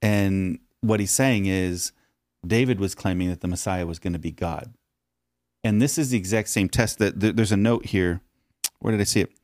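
A man's voice: deep voice, moderate pace, a little mellow, no echo, clean studio sound. A man casually explaining a Bible passage to his co-host. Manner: explanatory, with short agreeing backchannels. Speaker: podcast co-host.

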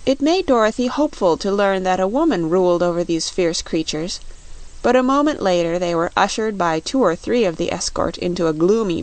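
A woman's voice: on the low side, a little mellow, no echo. Woman reading a storybook aloud. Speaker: audiobook narrator. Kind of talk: scripted storybook narration.

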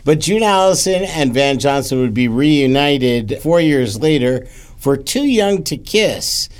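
A man's voice: medium pitch, clear, resonant tone. A man co-hosting a casual chat about classic films, who likes to share trivia with the listeners. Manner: lively, shares film trivia. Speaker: podcast host.

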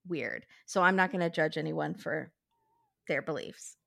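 A woman guesting on a podcast, chatting casually with quick reactions and laughs. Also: deep voice, gravelly, a bit bright, dry recording, clean studio sound. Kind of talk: casual chat.

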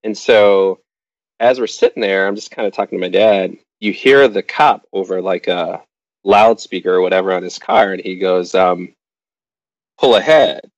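A middle-aged man with a fairly low voice tells a personal story with lively energy, slipping into the voices of other people as he goes. The recording is dry and a bit dull and lo-fi, with little room sound. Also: moderate pace, no echo. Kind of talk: personal anecdote told to a live audience.

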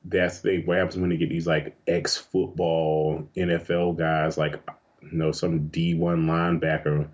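Deep-voiced man telling animated, profane stories. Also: moderate pace, dull audio. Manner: animated, profane storytelling with frequent laughs. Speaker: interview guest, adult film performer. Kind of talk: casual chat.

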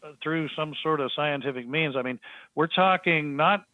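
A man telling a story as a podcast guest, halting with frequent restarts and fillers. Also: a little high, dry recording. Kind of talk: storytelling in casual conversation. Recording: tinny phone-line sound, dry.

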